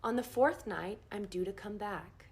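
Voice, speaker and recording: Animated woman nurse telling a story. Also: normal speed. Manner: animated, acts out quoted dialogue with big pitch jumps. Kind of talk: casual first-person storytelling.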